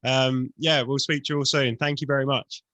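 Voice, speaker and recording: A man's voice: medium pitch, fairly even intonation, fast, pushed and bright, dry recording. A man from England hosting a podcast, laughing often and wrapping up politely. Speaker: podcast host. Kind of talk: casual chat.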